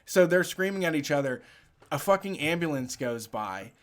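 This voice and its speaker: Animated swearing man telling a story. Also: on the high side, moderate pace. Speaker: show host. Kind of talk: casual chat.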